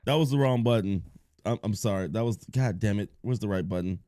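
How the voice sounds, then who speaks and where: A man streaming live, chatting casually with his chat and cracking crude jokes with sudden playful shouts. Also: lowish voice, brisk.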